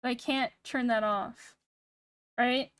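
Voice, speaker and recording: High, soft-spoken young woman streamer. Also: clean tone, no room sound. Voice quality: soft-spoken, somewhat monotone. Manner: rambling, pausing every few words. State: sick. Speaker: VTuber streamer. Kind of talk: casual chat stream. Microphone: streaming mic with noise gate.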